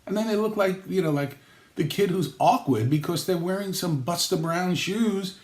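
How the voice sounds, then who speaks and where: A man hosting a comedic vlog, rambling through jokes and acting out quoted lines with sudden jumps in pitch. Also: moderate pace, darkish tone, reverberant. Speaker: sports vlog host.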